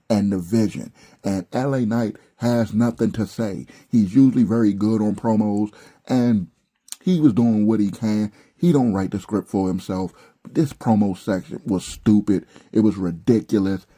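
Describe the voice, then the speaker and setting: A man's voice: fairly low pitch, dark tone. A young man ranting bluntly about a wrestling show, exasperated and profane, with slangy asides. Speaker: wrestling commentary vlogger.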